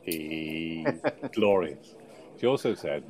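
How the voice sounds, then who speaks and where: A man co-hosting a podcast in casual chat, effusive and quick to praise. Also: fairly low pitch, very animated, a little mellow. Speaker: podcast co-host.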